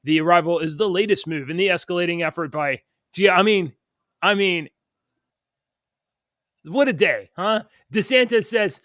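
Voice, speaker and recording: A man with a bright, fairly high voice co-hosts a casual morning talk show. He reads the news aloud in a joking way and laughs easily. The sound is close and dry. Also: moderate pace, pauses often, dry recording. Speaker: co-host.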